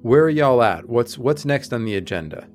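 A man's voice: mid-range voice, lively intonation, moderate pace, soft background music. A man narrating as game master of a tabletop game, explaining rules patiently and steering the scene.

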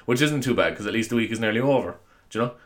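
Racing along at medium pitch, a tired young Irish man chats through his own casual podcast. He rambles, mocks himself, and breaks into laughter often.

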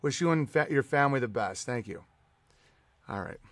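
A man's voice: mid-range voice, animated, normal speed, a bit bright, no echo. Profane, ranting streamer, a man. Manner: profane, sarcastic and combative. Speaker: live-stream host reading chat. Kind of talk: ranting live-stream commentary.

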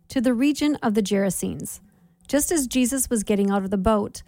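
A woman reads scripture aloud in a measured, steady way, her voice sitting a little high. The sound is close and dry, with no room around it. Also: no echo. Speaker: scripture reader. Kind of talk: measured Bible reading.

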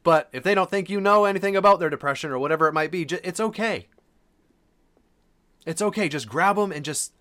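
A man's voice: high voice, a little fast, a bit bright. A man hosting a podcast, talking casually and earnestly, repeating phrases for emphasis. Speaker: podcast host.

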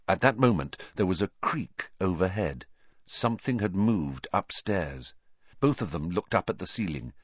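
A man reading a storybook aloud as narrator, with a dramatic, expressive delivery. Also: low voice, normal speed, husky, no room sound, highs cut off. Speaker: audiobook narrator.

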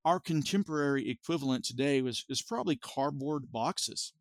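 A man's voice: medium pitch, animated, moderate pace, dry recording. A man in his forties giving an informal Bible teaching as a podcast host, explaining carefully and stopping to restate and correct himself.

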